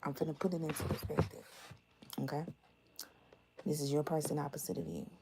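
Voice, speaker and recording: A young adult woman doing a casual tarot reading for her viewers, blunt, animated and full of swearing. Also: low-pitched, brisk, very noisy. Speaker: tarot reader.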